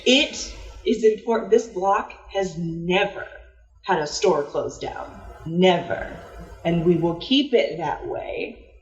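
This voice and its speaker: A woman's voice: lowish voice, slow pace, echoey room, muffled recording. A woman voicing a stern, officious male cat who acts as a block's health inspector, in a tabletop game. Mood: menacing. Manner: officious, threatening, self-important.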